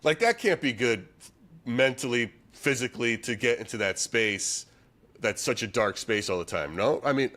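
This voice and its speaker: A man's voice: mid-range voice, animated, moderate pace, a bit bright. A man hosting a podcast, asking a guest stammering, incredulous questions in a casual interview. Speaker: podcast host.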